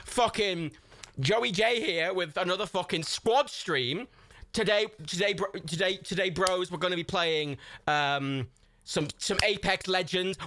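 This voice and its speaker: A man voicing a hyped young male bro gamer streamer, loud, slangy and excitable, in a mock streamer parody. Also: sits high, voice pushed up.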